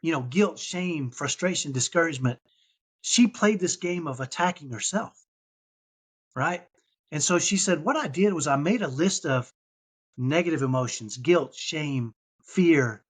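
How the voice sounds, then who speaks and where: Podcast guest: husky, fairly high-voiced man in his fifties, earnest and conversational. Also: expressive, a little slow. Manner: earnest, tags points with "right?".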